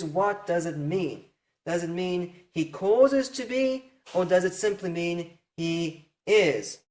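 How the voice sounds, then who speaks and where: A teacher giving a methodical lesson on Hebrew pronunciation, slowing down to sound out each word. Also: mid-range voice. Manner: patient, methodical, slows down to sound out words. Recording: roomy echo.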